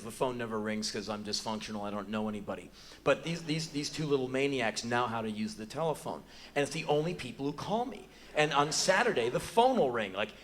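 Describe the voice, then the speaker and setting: An American man in his forties telling a profane, animated story as live spoken word on a theater stage, bursting into shouts now and then. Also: mid-range voice. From United States. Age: 40s.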